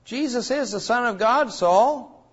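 A man's voice: extremely high pitch, expressive, measured pace, a bit bright, slightly rough, dull audio. A man preaching a sermon as pastor, earnest and pleading, asking his listeners direct questions.

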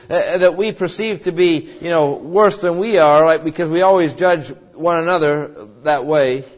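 A man with a high voice preaches a heartfelt sermon. He talks earnestly, softening into tender pleading and stumbling over repeated words. The recording sounds dull and lo-fi. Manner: earnest, with tender quoted voices and frequent restarts.

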